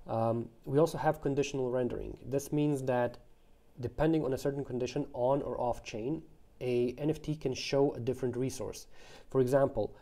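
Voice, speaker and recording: Dark-voiced man explaining a protocol. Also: medium pitch, fairly even intonation, normal speed. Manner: thoughtful, explains with analogies, frequent fillers and restarts. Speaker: protocol founder explaining his project. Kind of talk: explanatory talk to camera.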